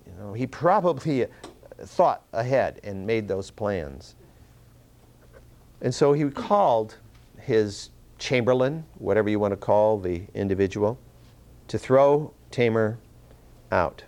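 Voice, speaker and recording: A man's voice: expressive, slow, pauses often, darkish tone. A man teaching through a Bible passage verse by verse, earnest and conversational, often repeating himself and restarting phrases. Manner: earnest, repeats words and restarts, rises in pitch for emphasis.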